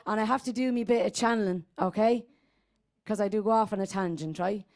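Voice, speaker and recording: Here her medium-pitched voice is brisk and darkish, still near her natural way of speaking. As a guest comic character, she delivers a bawdy stand-up monologue as a crude, brash Dubliner in her 80s from the inner city, streetwise and rambling in a heavy Dublin Irish accent.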